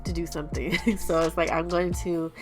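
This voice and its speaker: A woman's voice: lowish voice, steady tone, moderate pace, faint music behind. A young woman vlogging a hair tutorial at home, sounding stuffy-nosed and out of breath, chatting casually and apologetically with viewers. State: out of breath, congested.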